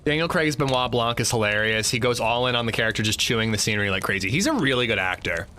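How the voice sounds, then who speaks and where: A man's voice: medium pitch, lively intonation, fast, bright, forceful tone, slight background noise. Chatty male gamer talking to chat. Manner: chatty, answers chat, swears when annoyed. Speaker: streamer. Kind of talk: casual livestream chat while gaming.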